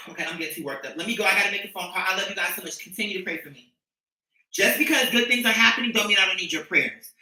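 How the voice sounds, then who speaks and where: Woman, fervent profane ranting, sharp bright voice, echoey room, off-mic. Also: mid-range voice, distant mic. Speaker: streamer addressing her followers. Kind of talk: impassioned livestream monologue.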